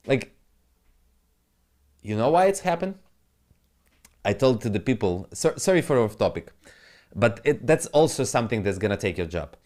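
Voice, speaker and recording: With a mid-range, dark-toned voice, a trading analyst casually walks through crypto charts. He rambles and mutters to himself in non-native English, with the odd swear.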